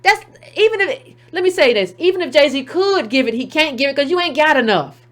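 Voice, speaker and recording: Woman, high-pitched voice, commentary host, emphatic, rhetorical questions, mocking impressions. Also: expressive, fairly quick. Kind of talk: opinionated commentary monologue.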